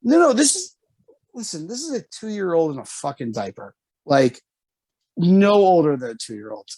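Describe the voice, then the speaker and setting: Dude telling a wild story on a podcast, swears a lot, lively, dry close sound. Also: male voice, moderate pace, husky, no room sound. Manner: animated, swears often, jumps to high pitch for quoted lines. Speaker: podcast co-host. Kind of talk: casual storytelling.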